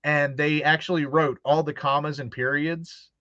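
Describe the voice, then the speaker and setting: A man's voice: fairly high pitch, little pitch movement, normal speed, bright, forceful tone, dry recording. A man hosting a casual chat, telling stories animatedly and acting out quoted voices, with frequent laughs. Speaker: host. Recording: dull lo-fi dry sound.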